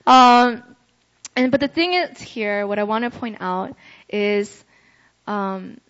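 A young adult woman preaching a casual sermon, chatty and conversational, often checking in with her listeners with a quick "right?". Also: medium pitch, fairly bright tone. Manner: chatty, ends phrases with "right?". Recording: dull lo-fi recording.

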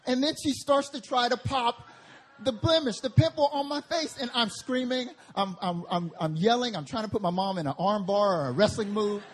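A male pastor preaches at a church service, telling animated stories and laughing his way through them. His voice is high-pitched and his pace normal.

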